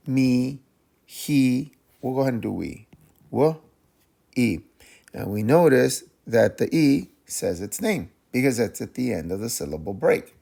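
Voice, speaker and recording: A young man teaching a casual phonics lesson, sounding out letters slowly with many pauses and fillers. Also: medium pitch, animated, creaky, warm tone. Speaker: reading teacher.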